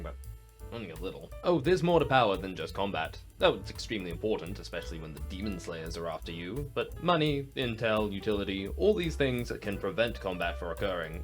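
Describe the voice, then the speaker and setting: Lively sarcastic New Zealand man. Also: fairly low pitch. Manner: sarcastic, jokey, swears casually. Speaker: YouTube host. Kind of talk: comedic tier-list commentary.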